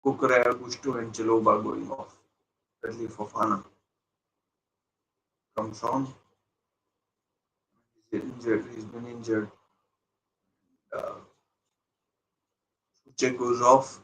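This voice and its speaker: Slow bright-voiced man reacting to a match. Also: medium pitch, vocal fry, a little hiss or hum, poor audio. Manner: excitable outbursts between muttered asides. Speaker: fan watching a match live. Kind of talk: live match-watch commentary.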